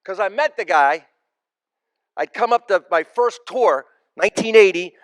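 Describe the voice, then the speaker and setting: At a live memorial tribute, an American comedian delivers stand-up stories to an audience, punchy and repetitive, emphasizing key phrases by saying them again. His high-pitched voice is expressive and unhurried, recorded with no room sound.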